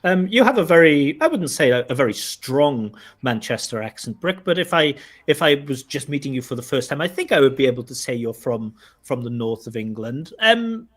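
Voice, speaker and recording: Lively man with a light Welsh accent. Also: medium pitch, moderate pace, few pauses. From Wales. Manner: lively, joking, animated intonation. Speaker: IELTS examiner and host. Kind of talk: casual chat on a video call.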